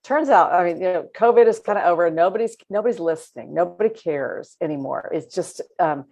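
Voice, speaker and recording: A woman co-hosts a casual political talk show with a lowish voice for a woman. She talks in an animated, sarcastic way and laughs while she makes her points. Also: fairly quick.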